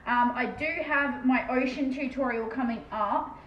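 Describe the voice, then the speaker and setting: A woman's voice: sits high, a little slow. An Australian woman in her thirties from Western Australia, chatting casually on a live stream while painting, blunt and self-mocking with plenty of swearing. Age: 30s. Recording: roomy, dull lo-fi sound with faint background noise.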